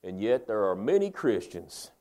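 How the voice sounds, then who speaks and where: Folksy preacher, low voice. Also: male voice, big pitch swings. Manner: folksy, emphatic preaching with "man" and "baby"; swings between loud emphasis and quiet, slow lines. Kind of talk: sermon.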